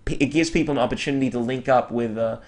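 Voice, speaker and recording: A man hosting a podcast in casual chat, joking and animated at the sign-off. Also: medium pitch, racing. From Australia. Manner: jokey, animated sign-offs. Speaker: podcast host.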